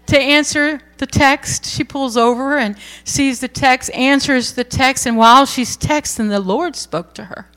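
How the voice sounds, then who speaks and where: A middle-aged woman preaching a sermon, telling a story earnestly and voicing the quoted words softly. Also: sits high.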